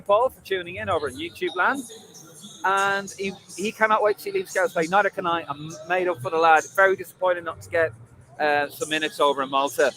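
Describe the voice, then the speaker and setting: A man's voice: high voice, fairly bright tone, poor audio. An Irish man hosting a live football fan stream from a stadium, chatting and bantering with viewers' comments. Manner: chatty, jokey banter, frequent fillers. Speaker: football fan livestream host. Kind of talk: casual live chat reading viewer comments.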